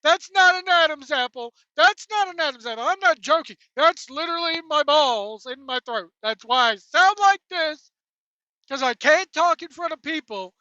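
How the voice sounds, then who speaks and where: Lady doing a stammery awkward boss guy, high tight voice, slow, dull dry sound. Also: lively intonation, bright, forceful tone, no room sound. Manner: strained, halting, stammering. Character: nervous, socially awkward male company boss.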